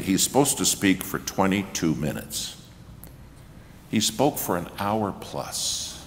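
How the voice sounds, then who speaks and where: Male guest preacher, low voice, very lively delivery, acts out the quotes, long church reverb. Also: a little hiss or hum. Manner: animated storyteller acting out quotes, rising to shouts. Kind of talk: storytelling sermon. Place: church sanctuary. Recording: reverberant church hall, faint ambience.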